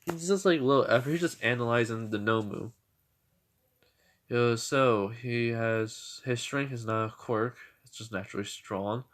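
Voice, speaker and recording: A man's voice: mid-range voice, moderate pace, fairly bright tone. A young man casually retelling a fan story in a rambling way, with many restarts and laughs.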